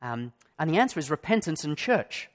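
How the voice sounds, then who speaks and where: A middle-aged man preaches in an earnest, searching way, putting question after question to his congregation. His voice sits fairly high for a man. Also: sing-song, fairly quick. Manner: earnest, asks the listeners many direct questions. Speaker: pastor. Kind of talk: sermon.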